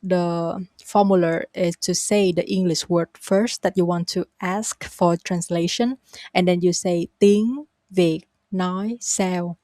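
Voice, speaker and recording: Woman, Vietnamese accent, language teacher, slow careful model phrases, dry recording. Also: on the low side, steady tone, mellow, no echo. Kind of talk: spoken language lesson.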